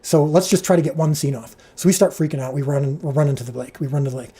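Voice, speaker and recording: A man who directs a show, telling an animated behind-the-scenes story on a livestream, full of restarts and fillers, his pitch leaping when he quotes people. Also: fast talker, husky. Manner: frequent restarts and filler words.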